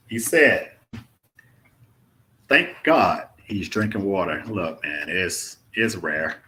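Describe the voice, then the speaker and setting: A very deep-voiced young man from Mississippi talks in a relaxed, drawling Southern way, reading out viewer comments on a livestream and peppering his talk with "man." His voice comes across bright and forceful. Faint background noise sits behind him. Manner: laid-back, drawling, says "man" often. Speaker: travel vlogger hosting a live Q&A. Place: indoors in a rented apartment.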